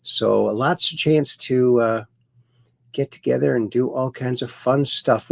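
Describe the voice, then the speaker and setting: A man hosting a casual livestream, slowly reading chat messages aloud with sudden bright upswings. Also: medium pitch, gravelly, dry recording. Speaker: host.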